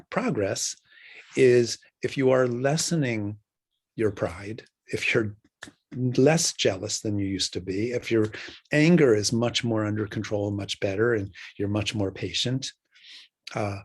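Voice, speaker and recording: An older man with a low, husky voice teaches Buddhist practice in a slow, halting way. He pauses often, fills gaps with small hesitations and circles back to finish his thoughts. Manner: unhurried, halting, many fillers. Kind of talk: dharma talk.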